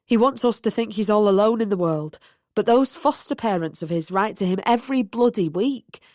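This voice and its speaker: A woman's voice: mid-range voice, lively intonation, moderate pace, a little mellow, dry recording, studio quality, close to an everyday voice. A woman voicing a drunk, lovesick young man who slurs his words languidly. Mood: drunk, maudlin. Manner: slurred, languid speech.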